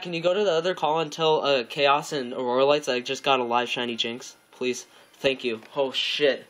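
A man's voice: on the high side, a bit bright. A young man commentating his own gameplay live, overexcited, gasping, swearing and repeating himself, talking to viewers and friends on a call. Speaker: game streamer.

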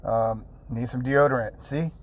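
A man's voice: medium pitch, steady tone, a little slow. A man in his thirties hosting a casual app tutorial, rambling and chatty with fillers and repeated words, blunt and jokey with mild swearing. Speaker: channel host.

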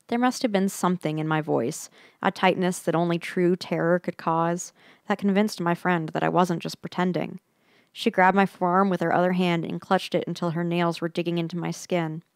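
Low-voiced woman reading a ghost story. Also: steady tone, moderate pace, clean tone, no echo, studio quality. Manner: suspenseful, dropping into tense whispers. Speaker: podcast host reading a story. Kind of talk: dramatic first-person story reading.

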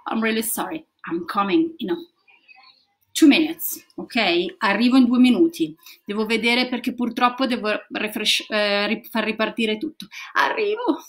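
A woman's voice: medium pitch, animated, moderate pace. A woman teaching English to children, acting out emotions with gasps and whispers.

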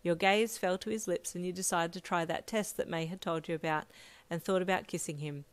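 A woman reading her own fan fiction aloud, narrating in second person in a steady, plain manner. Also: fairly low pitch, fairly quick.

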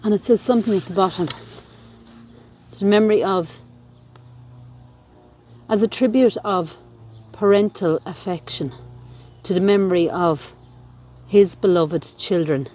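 A woman vlogger giving an unhurried walking-tour commentary outdoors in a graveyard, reading out headstone inscriptions as she goes. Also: fairly low pitch, a little mellow.

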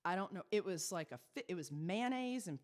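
Chatty cabaret singer with reverb. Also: female voice, fairly low pitch, animated, brisk. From Texas. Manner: chatty, self-mocking storyteller. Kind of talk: stage patter between songs.

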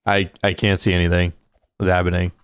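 Chatty male gaming streamer, smooth voice. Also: deep voice, flat delivery, fairly quick, dry recording, clean studio sound. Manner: chatty, reacts out loud while playing. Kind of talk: casual live gameplay commentary.

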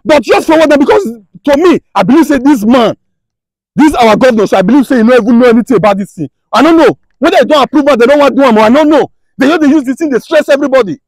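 A man's voice: very high-pitched, animated, fast talker, a little mellow, no echo. A man with a Nigerian accent, a vlogger urgently pleading with viewers to share his appeal for help. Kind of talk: impassioned appeal to camera.

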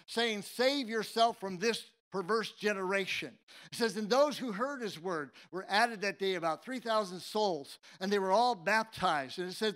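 High-voiced man preaching with humor. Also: fairly bright tone. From San Jose, California, US. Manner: humorous, tongue-in-cheek storytelling; conversational, with frequent restarts. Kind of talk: sermon with personal storytelling.

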